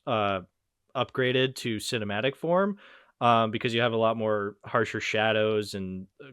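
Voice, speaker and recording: A man in his twenties hosting a podcast, chatting casually about movies in a rambling, excitable way and swearing freely. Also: medium pitch, smooth, dry recording, clean studio sound. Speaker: podcast host. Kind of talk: casual movie-review chat.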